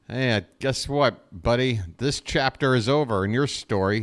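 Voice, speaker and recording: A man doing live fan play-by-play of a baseball game, exasperated and sarcastic, with jokey asides between pitches. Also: normal speed, hardly any pauses. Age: adult.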